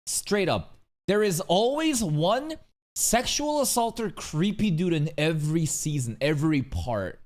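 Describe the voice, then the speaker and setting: A man streaming a casual reaction to a video, crude and excitable, stammering and laughing as he talks. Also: fairly high pitch, a little slow.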